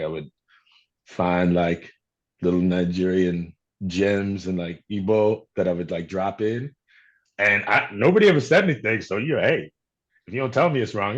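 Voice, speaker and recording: A man from Chicago, an actor being interviewed, talking reflectively and telling stories in a relaxed way. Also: low-pitched, muffled recording. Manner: reflective, storytelling with quoted voices. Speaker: actor guest. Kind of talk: casual interview talk.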